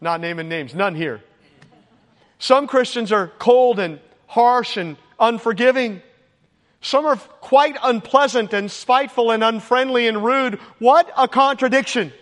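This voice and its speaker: High-pitched pastor guy giving an earnest sermon, long echo in the church. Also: measured pace. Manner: earnest exhortation, gets emotional. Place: church sanctuary. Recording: long hall reverb.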